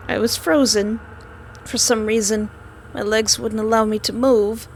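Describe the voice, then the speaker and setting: A woman's voice: fairly even intonation, measured pace. Give me a young woman reading a visual novel aloud with dramatic, playful reactions, faint background hiss. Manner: dramatic, bursts into shrill screams and playful asides. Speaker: let's play host.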